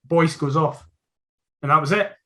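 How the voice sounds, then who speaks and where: A Scottish man talks football on a podcast in a slightly raised voice. He swears freely and gives blunt, lively opinions. The talk is casual and fast to react. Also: on the high side. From Scotland. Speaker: podcast co-host.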